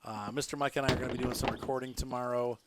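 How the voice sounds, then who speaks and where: A man's voice: mid-range voice, fairly even intonation, very fast. A man chatting his way through a live gameplay stream from home, rambling and laughing often. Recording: loud background noise.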